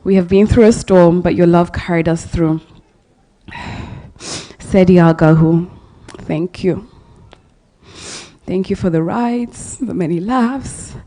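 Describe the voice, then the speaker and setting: A grieving woman giving a tender, soft-spoken eulogy, at times sinking almost to a whisper. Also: lowish voice, slow pace, long pauses. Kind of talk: funeral eulogy.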